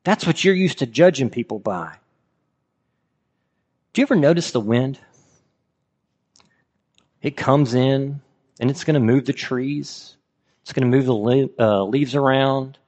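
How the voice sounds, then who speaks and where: A man's voice: medium pitch, a little slow, long pauses, darkish tone. A man preaching a sermon in a conversational way, asking his listeners rhetorical questions. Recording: reverberant hall.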